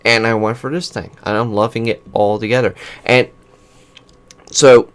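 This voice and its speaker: A man talks casually into a USB desk microphone in his computer room, reviewing it for his gaming channel. His voice sits at an ordinary middle pitch. He rambles, loops back and restarts sentences as he flips between settings. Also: fairly even intonation, normal speed, fairly bright tone, clean tone. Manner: rambling, restarts sentences, switches mic settings while talking. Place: home computer room with whirring fans. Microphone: USB desk microphone, switching pickup patterns.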